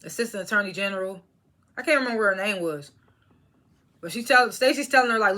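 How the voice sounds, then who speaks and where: A young woman talks straight to her camera at home, recapping a show episode in loose, chatty fashion. Her voice is bright and forward, broken by quick laughs and plenty of fillers, and she chews snacks as she talks. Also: medium pitch. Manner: chatty, laughs often, strings thoughts with fillers; talks while chewing snacks. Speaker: TV episode reviewer. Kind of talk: casual recap monologue.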